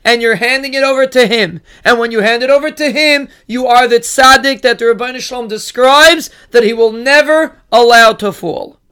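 A man giving a daily inspirational Torah talk, earnest and repetitive, chanting scripture verses slowly. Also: very high-pitched, bright, forceful tone, clear, resonant tone. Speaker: Torah teacher.

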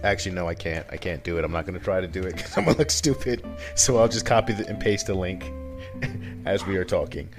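A man's voice: deep voice, expressive, fast, over music. A man co-hosting a podcast in casual chat, rambling, swearing and laughing often. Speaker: podcast co-host.

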